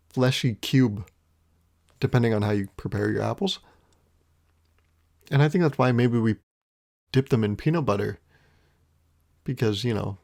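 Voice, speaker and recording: A man's voice: mid-range voice, creaky, a little mellow. A man hosting his own podcast, musing in a wry, rambling way, swearing casually and chuckling often. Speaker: podcast host. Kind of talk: casual solo podcast monologue.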